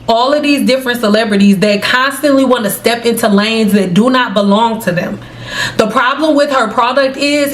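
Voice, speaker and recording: A young woman hair stylist talking straight to camera in a blunt, confrontational, sassy way. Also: a little high. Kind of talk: casual direct-to-camera rant.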